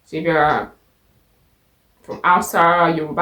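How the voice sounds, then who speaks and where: A Nigerian woman teaching a language lesson, patiently repeating each phrase slowly and clearly. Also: on the low side, lively intonation, fairly bright tone, roomy sound.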